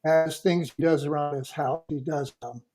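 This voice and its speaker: A man co-hosting a casual chat, easygoing, with unhurried small talk and fillers. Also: on the high side, fairly even intonation, darkish tone. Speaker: co-host. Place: home porch.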